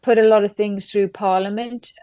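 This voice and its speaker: Brisk, emphatic middle-aged woman. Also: medium pitch, steady tone, mellow, no room sound. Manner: brisk, emphatic storytelling with acted-out quotes. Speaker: interview guest, businesswoman. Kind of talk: candid conversational interview.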